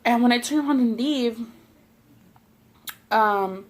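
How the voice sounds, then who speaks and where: A woman's voice: on the high side, slow. A woman vlogger telling a long personal story while eating on camera, rambling and swearing, with lots of "like". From Southern California. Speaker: mukbang vlogger.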